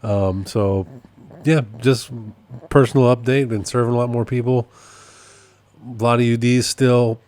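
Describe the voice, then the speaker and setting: A man's voice: mid-range voice, steady tone, unhurried, darkish tone. A man hosting a casual solo podcast update, rambling and amused at himself, often repeating his points. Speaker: podcast host and process server.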